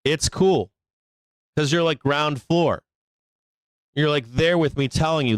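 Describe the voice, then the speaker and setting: Guy hosting a live trading show, kinda high voice, swears a lot, blunt and rambly, dry sound. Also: takes it slowly, no echo. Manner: profane, blunt and emphatic, rambling. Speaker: stock market show host. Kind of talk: casual live trading commentary.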